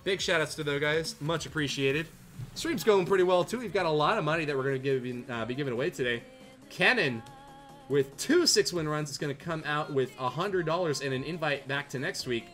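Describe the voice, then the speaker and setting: Brisk and animated, this Canadian streamer's slightly high, fairly bright voice reads out viewers' jokes and casts tournament games with self-deprecating playfulness. Faint music plays underneath.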